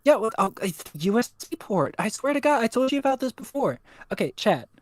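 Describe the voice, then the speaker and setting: A man's voice: very high voice, sing-song, a little fast. A young man chatting casually on a livestream, rambling and swearing with self-mocking humor. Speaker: co-host. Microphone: USB desk microphone.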